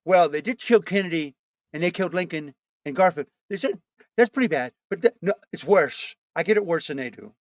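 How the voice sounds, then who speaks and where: A pompous, rambling old politician , as a comedian puts him on, who brags about himself and complains that nobody has it worse. The voice sits a little high and is recorded dry and close. The delivery keeps circling back to the same boasts. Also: male voice, lively intonation, brisk, dry recording, close to an everyday voice. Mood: self-pitying. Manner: bragging, rambling, self-pitying. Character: boastful blustering older male politician. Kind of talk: comic impression.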